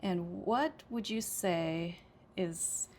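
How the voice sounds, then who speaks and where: A woman's voice: lowish voice, drawn-out words, a little mellow, a little hiss or hum. An American woman teaching English pronunciation, explaining sentence stress step by step and repeating example sentences with careful emphasis.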